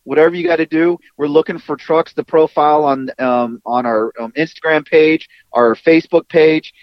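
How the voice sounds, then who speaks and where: A man's voice: on the high side, steady tone, normal speed, no room sound, lo-fi sound. A man co-hosting a podcast, talking in a brash, hyped-up, slangy way. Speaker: podcast co-host. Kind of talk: casual podcast chat.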